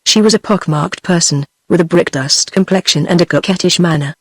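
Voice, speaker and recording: A text-to-speech woman's voice with a British English accent, narrating an audiobook in an even, machine-made way. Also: on the low side, brisk, husky, no echo.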